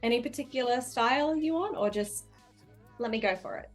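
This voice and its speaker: A woman's voice: fairly high pitch, a little fast, soft background music. A woman playing a tabletop role-playing game, speaking in character with a shy, stammering manner. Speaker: player.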